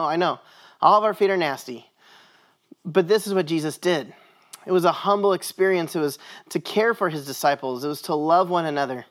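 A man, a pastor, giving a sermon in church, telling a story in a conversational way. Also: sits high.

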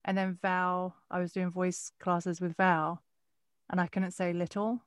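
A woman's voice: lowish voice, monotone, measured pace, smooth, dry recording, clean studio sound. A woman actor with a mild Essex accent, telling rambling anecdotes in a casual conversation. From England. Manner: chatty, rambling anecdotes, frequent restarts.

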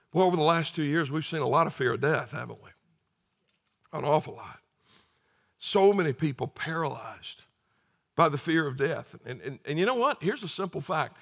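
Male pastor, sermon, earnest, emphatic, gravelly, bright tone. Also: high voice. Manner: earnest, emphatic, repeats words when starting phrases.

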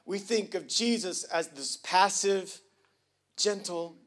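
A male pastor preaching a sermon with casual slang, swinging from hushed to loud and emphatic. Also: sits high, slow. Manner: casual slang, jokes with the congregation.

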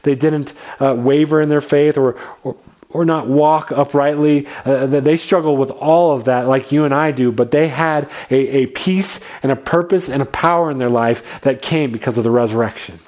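A man preaching a sermon as a pastor, earnest, often repeating his words and moving between lively and quiet passages. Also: mid-range voice, moderate pace.

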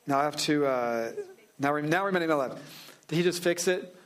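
A pastor preaching a sermon in a relaxed, joking way, slowing down to stress key phrases. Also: male voice, on the high side. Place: church sanctuary.

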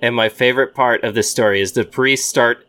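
A man's voice: medium pitch, fairly even intonation, a little fast, fairly bright tone. Amused male podcaster telling a story. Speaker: podcast co-host. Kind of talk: casual chat.

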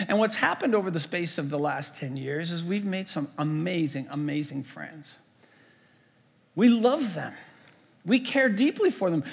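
A man's voice: high voice, gravelly, fairly bright tone. A man, a pastor preaching a storytelling sermon in a conversational way, often repeating words as he goes. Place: church sanctuary. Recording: echoey church hall.

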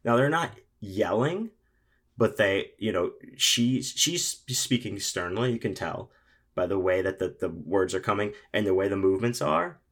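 A young man telling a long, animated anecdote in casual chat, with frequent fillers and swearing. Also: on the low side, moderate pace.

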